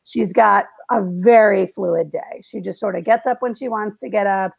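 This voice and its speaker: A middle-aged woman hosting a podcast, telling stories in a lively way and laughing often. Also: mid-range voice, normal speed, creaky, breathy edge, no echo. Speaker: podcast host. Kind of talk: casual chat.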